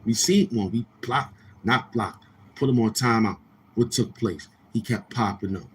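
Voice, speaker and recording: In a medium-pitched voice at a measured pace, with slight background noise, a man rants casually on his livestream. He starts over mid-thought and mimics quoted people mockingly.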